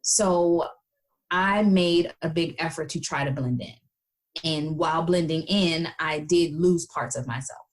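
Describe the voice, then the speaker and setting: Her voice low-pitched and her pace a bit slow, this American interview guest shares stories in relaxed conversation. She uses many filler words and slips into playful voices when quoting people.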